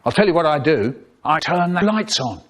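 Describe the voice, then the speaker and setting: A man in his sixties telling stories in a chopped-up comedic remix, with an animated, exaggerated delivery. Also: on the high side, moderate pace, noisy background. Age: 60s. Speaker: storyteller. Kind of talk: spliced comedic storytelling remix.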